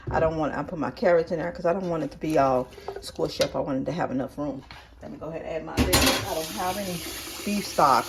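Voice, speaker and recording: A deep-voiced woman, a regular cooking vlogger, talks casually and chattily through her cooking step by step in her home kitchen. Background noise and the clatter of pots and dishes sit behind her voice.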